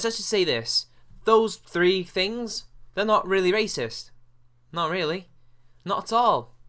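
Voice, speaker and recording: A man's voice: high-pitched, a bit bright. A man from England with a British accent, hosting a sarcastic reaction commentary, mocking and swearing in exasperation. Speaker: commentary video host.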